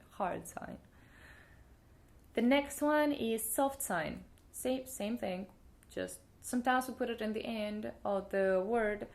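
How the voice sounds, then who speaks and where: Fairly high-pitched and creaky, with a darkish tone, this woman teaches the alphabet in a playful video lesson. She's a language teacher with a Russian accent who slowly demonstrates each sound and repeats it for the viewer.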